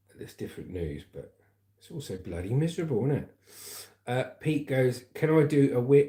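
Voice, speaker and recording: A man with a low, dark voice hosts a casual livestream from a roomy, echoey room. He rambles while reading out viewer comments, calling people mate and brother.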